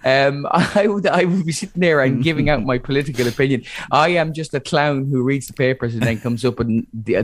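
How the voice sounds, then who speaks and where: A middle-aged Irish comedian talks in a rambling, jokey way, often breaking into laughter. His voice sits at an ordinary pitch and sounds close and dry. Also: no room sound. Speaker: comedian guest. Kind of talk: casual chat.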